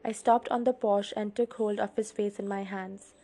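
A woman hosting a read-along show, reading a novel aloud with expressive storytelling. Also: mid-range voice, moderate pace, faint music behind. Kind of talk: audiobook reading.

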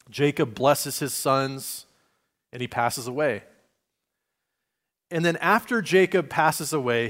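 A male pastor giving a sermon in a conversational, lively way, acting out the voices he quotes and restarting phrases as he goes. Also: mid-range voice.

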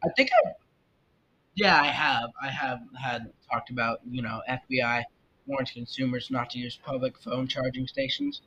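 A man's voice: sing-song, moderate pace, pushed and bright. A young man hosting a casual solo podcast, rambling and opinionated, with lots of fillers and restarts. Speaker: podcast host. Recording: muffled lo-fi mic with faint rumble. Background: faint jazz music.

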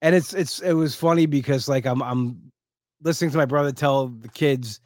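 A man hosting a casual solo podcast, sounding exhausted and low on energy. He rambles through his story with restarts, then turns animated whenever he quotes someone. His voice sits at an average pitch and is recorded dry and close, with no room sound. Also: moderate pace, no room sound. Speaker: podcast host.

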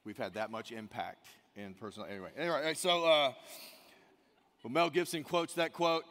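A male pastor delivers a sermon at a church service, speaking in an earnest tone at a middle pitch. He drives his points home by repeating key phrases. The recording carries a long, lingering hall reverb. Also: moderate pace, fairly bright tone.

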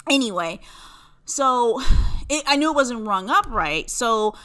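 A young woman tells a rambling, profane story on her podcast, swinging from loud outbursts to muttered asides. Her voice sits a little high and comes across bright and forceful. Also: normal speed, clean tone. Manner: profane, animated, rambling rant. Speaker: podcast host. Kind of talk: casual storytelling monologue.

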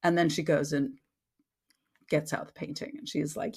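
Low, husky woman guest author; rambling, filler-heavy podcast storyteller. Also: flat delivery, normal speed, darkish tone. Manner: retells a story loosely, full of fillers. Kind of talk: casual podcast chat.

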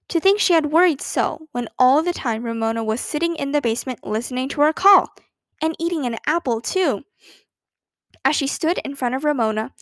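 A woman reading a children's book aloud in a gentle, expressive way. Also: fairly high pitch, dry recording. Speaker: storyteller.

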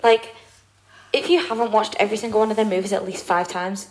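A young woman co-hosting a podcast who tells stories in an animated way and shares playful, strong opinions. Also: mid-range voice, fast. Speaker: podcast co-host. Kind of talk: casual chat. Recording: echoey room.

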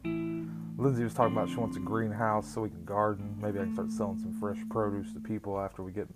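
A young Appalachian-accented man from West Virginia talks at a fairly low pitch. His rambling, foul-mouthed monologue jumps from story to joke, and guitar music plays clearly behind him. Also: level tone, a little fast. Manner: profane, crude joking, rambling stories. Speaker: vlogger.

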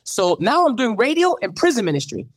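This radio host's voice is very high and a little fast, with huge pitch swings and a breathy edge, and there's no room sound. He shares an animated testimony in an interview, his preacherly lilt climbing to fervent calls.

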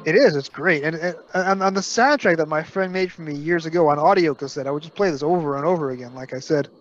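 A man's voice: fairly high pitch, fast talker, muffled recording, faint music behind. A man with a Brooklyn accent co-hosting a podcast, full of detailed facts and playful scolding. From Brooklyn, New York. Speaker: podcast co-host. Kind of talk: casual podcast chat.

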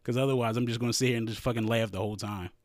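A man co-hosting a podcast in casual chat, telling stories in a profane, animated way with frequent laughter. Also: mid-range voice, rapid-fire, dry recording. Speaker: podcast co-host.

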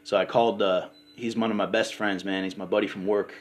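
A man's voice: on the low side, flat delivery, a little fast. A man in casual conversation, telling a personal story in an earnest, rambling way, often saying "you know" and "man". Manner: candid and emotional in tone. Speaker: podcast guest sharing his recovery story. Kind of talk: casual chat.

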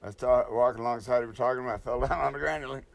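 A man's voice: medium pitch, racing, gravelly. An older man telling rambling, profane stories in a casual chat, laughing as he goes. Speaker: storyteller among hunters. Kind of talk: casual storytelling.

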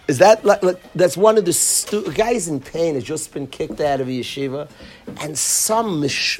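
Guy teaching a torah class to boys, animated and kinda sarcastic, keeps calling on kids by name. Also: fairly high pitch, moderate pace, a little hiss or hum.

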